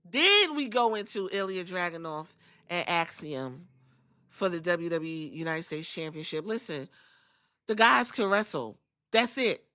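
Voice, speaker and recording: A woman's voice: lowish voice, lively intonation, a little slow, pushed and bright. Sassy, blunt woman recapping wrestling. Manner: blunt, profane, sassy asides. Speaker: podcast host.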